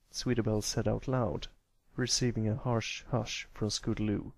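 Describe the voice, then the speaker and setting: A man narrating a fanfiction audiobook recorded at home in a plain, soft-spoken way. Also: on the low side, flat delivery, normal speed, vocal fry, no echo. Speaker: audiobook reader.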